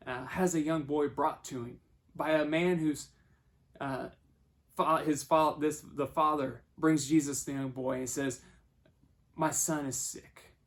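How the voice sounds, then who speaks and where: A man preaching a sermon, telling the story and acting out the voices he quotes, moving between hushed and loud passages. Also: on the high side, fairly even intonation, unhurried.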